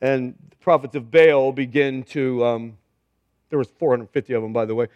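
A man's voice: mid-range voice, fairly even intonation, normal speed, dry recording, dull audio. A man preaching a humorous, conversational sermon as pastor, joking and emphatic.

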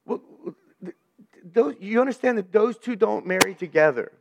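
A man's voice: sits high, lively intonation, normal speed, gravelly, muffled recording. An older man preaching a sermon to a room of listeners, earnest, often stammering and repeating words as he builds his points. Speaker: pastor. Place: church room with a live audience.

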